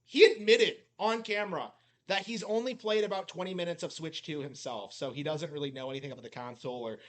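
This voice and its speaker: A man with a notably high voice rambles through mocking reaction commentary. He leans on "like" constantly and sounds scornful toward his subject. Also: fast. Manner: mocking, heavy use of "like" fillers. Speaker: commentary YouTuber.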